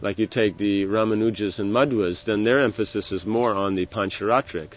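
A man giving an informal religious lecture as a spiritual teacher, talking in a halting way with many restarts and "you know". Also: lowish voice, dull audio, slight background noise.

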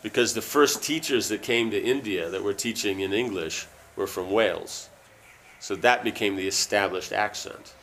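A man reading a book aloud and breaking off into loose, halting asides full of fillers. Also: on the low side, fairly bright tone, a little hiss or hum. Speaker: reader.

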